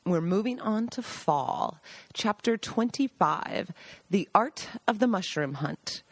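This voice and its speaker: Woman, podcast host, casual storytelling, chatty and animated, dry close sound. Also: mid-range voice, slow pace, no room sound. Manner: chatty, animated, laughing anecdotes.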